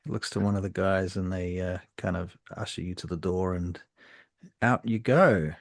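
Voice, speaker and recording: A male game master who narrates a tabletop role-playing scene in a relaxed, filler-laden way. His voice is low and gravelly. The sound is close and dry. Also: normal speed, dry recording.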